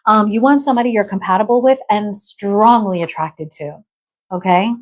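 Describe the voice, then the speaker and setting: A woman's voice: mid-range voice, moderate pace. A woman reading tarot cards aloud in a loose, chatty flow. She breaks in with exclamations and keeps asking "okay?" as she explains each card. She sounds a little under the weather. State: unwell. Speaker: tarot reader.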